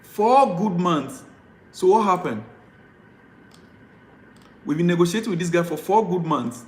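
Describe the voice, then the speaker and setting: Male fan vlogger, high-pitched, ranting live and pleading over and over, recorded in an echoey room. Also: lively intonation, unhurried, a little mellow. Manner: exasperated, repetitive pleading. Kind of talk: live-stream rant.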